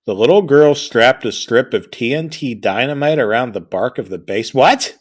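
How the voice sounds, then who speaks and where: A man's voice: medium pitch, moderate pace. A man narrating a comedic horror-parody story with crude, rambling, self-deprecating jokes.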